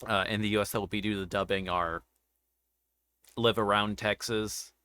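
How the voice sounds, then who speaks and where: Guy with a lowish, bright, crisp voice, just explaining stuff casually. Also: moderate pace, no echo. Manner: relaxed, thinking aloud, explaining. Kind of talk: casual chat.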